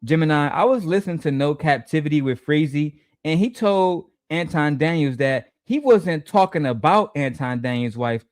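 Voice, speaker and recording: A man's voice: fairly high pitch, animated, moderate pace, hardly any pauses, no echo. A male host giving crude, mocking commentary in blunt slang while reacting to clips.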